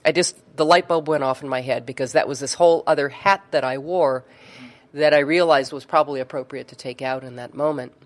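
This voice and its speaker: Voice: mid-range voice, fairly even intonation, fairly quick. A neurofeedback therapist telling a story in conversation, chatty, with frequent fillers and restarts.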